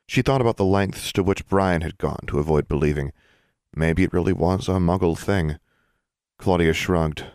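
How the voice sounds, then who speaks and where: A man calmly narrating an audiobook in an even, measured way. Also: sits low, no echo, studio quality. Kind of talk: scripted narration.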